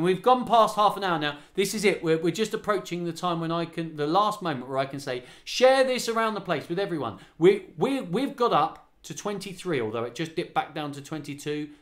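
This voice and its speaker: A man in his forties runs a livestreamed children's singing rehearsal from home, playing acoustic guitar as he sings lines and counts the kids in with chatty encouragement. His voice is a little high, animated and fairly bright, at a moderate pace.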